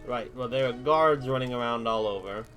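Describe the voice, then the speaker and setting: A man giving casual let's-play commentary, chatting to himself as he plays and breaking into excited bursts. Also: mid-range voice, moderate pace, faint music behind. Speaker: gamer streaming a playthrough.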